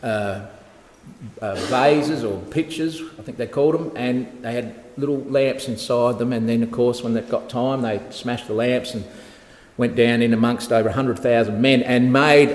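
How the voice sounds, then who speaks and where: A man preaching a lively Bible talk, telling the story and quizzing the congregation. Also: mid-range voice, normal speed, a little hiss or hum. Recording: echoey hall reverb.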